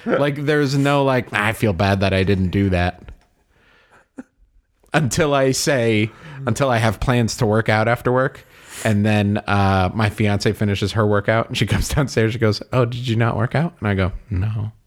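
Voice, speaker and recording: A man in casual podcast chat, goofy and quick to laugh, acting out his own inner voices as he talks. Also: fairly low pitch. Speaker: podcast co-host.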